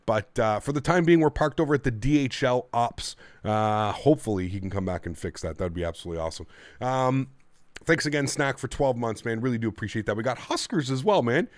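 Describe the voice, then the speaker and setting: A man's voice: medium pitch, no room sound. A man streaming a flight simulator, chatting casually and thanking his viewers in a friendly way. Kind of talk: casual livestream commentary.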